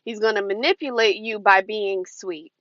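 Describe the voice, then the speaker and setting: A woman's voice: mid-range voice, moderate pace, fairly bright tone, dry recording. A woman giving casual, earnest advice to camera, warning viewers and acting out quoted lines. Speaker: advice vlogger. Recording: dull, dry lo-fi recording.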